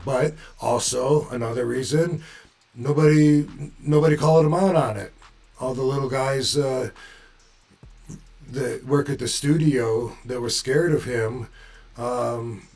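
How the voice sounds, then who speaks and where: A laid-back man telling a story in a casual, unhurried way. His pitch sits in an ordinary middle range, and he swears freely as he chuckles through it. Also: darkish tone.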